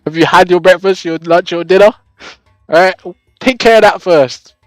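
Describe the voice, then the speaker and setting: A man's voice: high voice, moderate pace, no room sound, soft background music. Sweary, laughing streamer man. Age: young adult. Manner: laughs often, sweary, rhetorical "right?" asides. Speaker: live streamer. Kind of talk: casual live-stream chat with viewers.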